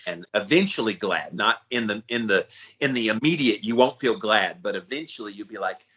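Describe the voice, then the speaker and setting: A man co-hosting a podcast in casual chat, supportive and chatty with quick asides. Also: fairly low pitch, animated, bright, forceful tone, highs cut off. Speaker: podcast co-host.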